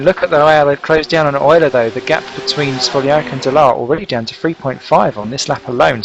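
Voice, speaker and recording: A man giving lively, jokey play-by-play commentary on a sim race broadcast. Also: fairly high pitch, dull audio, a little hiss or hum. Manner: excitable, jokey, chatty play-by-play. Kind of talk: live sim racing commentary.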